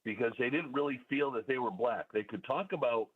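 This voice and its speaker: A man's voice: mid-range voice, fairly quick, slightly rough. Male caller on a tinny phone line. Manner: methodical, lays out points in order, with many fillers. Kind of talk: call-in radio commentary.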